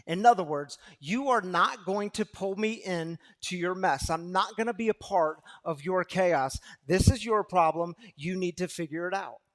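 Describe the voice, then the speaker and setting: A male pastor preaching a sermon in a conversational way, asking the congregation questions and moving between loud emphasis and hushed storytelling. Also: sits high.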